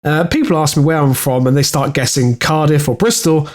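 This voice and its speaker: Welsh man, podcast co-host, hesitant, fillers, fairly high voice. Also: a little fast, darkish tone. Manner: hesitant, many fillers and restarts. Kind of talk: casual chat, reading news stories.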